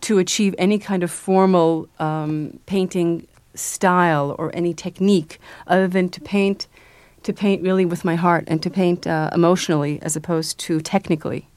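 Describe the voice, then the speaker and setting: A woman with a slightly low voice speaks as a radio interview guest. She hesitates and restarts often and laughs easily. The sound is dry and close. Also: steady tone, moderate pace, few pauses, darkish tone, clean tone, dry recording. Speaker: guest, children's book author and illustrator.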